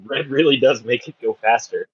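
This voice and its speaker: A man's voice: mid-range voice, normal speed, husky, no echo, highs cut off. A man chatting casually as a player, wisecracking and laughing often. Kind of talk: casual chat.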